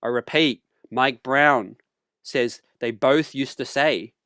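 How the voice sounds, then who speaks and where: Slow-talking man hosting a sports channel. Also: mid-range voice, no room sound, clean studio sound. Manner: slow, relaxed, calls viewers fam and ladies and gentlemen; clears his throat often. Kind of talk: casual sports commentary.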